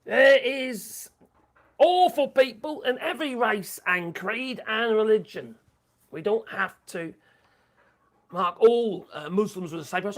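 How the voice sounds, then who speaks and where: Speaking slowly in a high voice with lively intonation, a man from England with a Norfolk accent reads viewer comments on his casual live stream. He's chatty, crude and mocking, and he mutters asides often.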